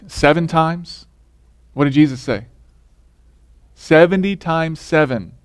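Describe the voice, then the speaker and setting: A man's voice: on the high side, slow, dry recording. A male pastor preaching a sermon in a conversational way, often putting questions to the congregation.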